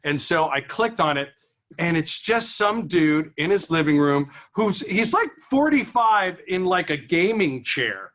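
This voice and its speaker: Bright, high-voiced rambling comedian. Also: male voice, very animated, a little slow. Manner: rambling, chatty, laughs at his own jokes. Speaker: stand-up comedian. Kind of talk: stand-up comedy. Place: office event room.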